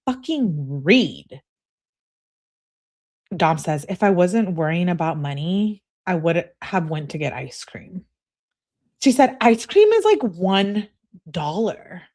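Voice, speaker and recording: A woman's voice: lowish voice, a little mellow. A woman commentating on a true crime case, reading out text messages and reacting bluntly with sarcasm and swearing.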